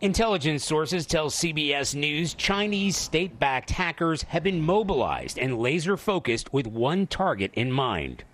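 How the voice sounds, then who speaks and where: A man's voice: on the high side, big pitch swings, measured pace, few pauses, a bit bright, a little hiss or hum. A male news correspondent narrating a report with punchy, dramatic phrasing. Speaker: foreign correspondent.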